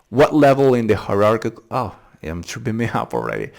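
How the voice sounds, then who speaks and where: A man hosting a casual, unscripted pronunciation lesson, repeating tricky words slowly syllable by syllable and thinking aloud as he goes. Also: lowish voice, sing-song, gravelly, a little mellow. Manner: thinks aloud with fillers and restarts. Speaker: English pronunciation channel host.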